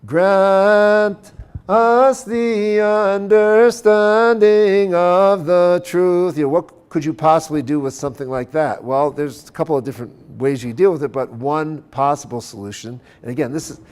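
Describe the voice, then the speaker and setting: A man's voice: mid-range voice, a little mellow. A man lecturing at a conference on church music. He explains step by step, keeps checking in with "okay?", and breaks into short sung chant examples. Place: conference center.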